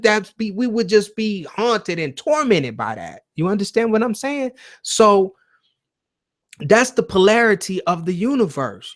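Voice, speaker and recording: A man hosting a live call-in show from home, talking in a casual, rambling and profane way. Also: fairly high pitch. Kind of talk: casual livestream talk.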